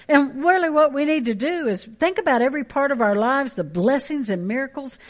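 A woman delivers a sermon from the pulpit. Her voice sits high, and she drives each point home by repeating key phrases with conviction. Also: lively intonation, moderate pace. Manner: emphatic preaching with repeated phrases. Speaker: pastor.

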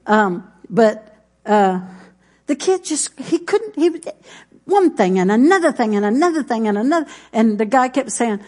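A woman's voice: on the high side, expressive, normal speed, darkish tone. A middle-aged woman pastor, preaching a folksy sermon full of stories. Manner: folksy, storytelling, with congregation responses.

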